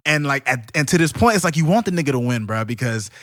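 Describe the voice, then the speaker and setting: A young man co-hosting a casual anime podcast, telling stories excitedly with lots of slang and swearing. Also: mid-range voice, fast, no echo, studio quality. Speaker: podcast co-host. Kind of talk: casual chat.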